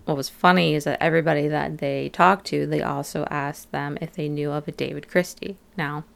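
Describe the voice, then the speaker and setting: Woman, podcast co-host, low voice, gravelly, chatty, lots of fillers. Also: fairly even intonation, a little fast. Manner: chatty, many fillers, acts out quotes of locals. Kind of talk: casual podcast recap.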